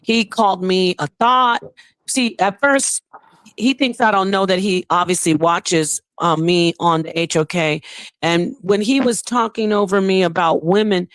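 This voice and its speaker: A woman's voice: medium pitch, unhurried, no echo. A woman hosting a casual livestream, talking in an emphatic, scolding way. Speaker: livestream host.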